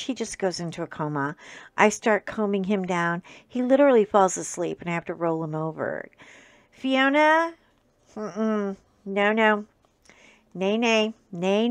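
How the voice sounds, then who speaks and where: A woman's voice: mid-range voice, no room sound. A middle-aged woman chatting casually to her webcam at home, rambling with lots of fillers and restarts. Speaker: vlogger coloring and chatting. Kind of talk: casual chat to camera. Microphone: webcam at desk with ring light.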